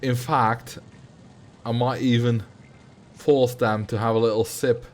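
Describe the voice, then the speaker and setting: A man's voice: medium pitch, little pitch movement, takes it slowly, darkish tone. A man whose first language is Dutch, joking with his chat in a casual livestream while he plays. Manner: jokey, bantering with chat. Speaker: streamer.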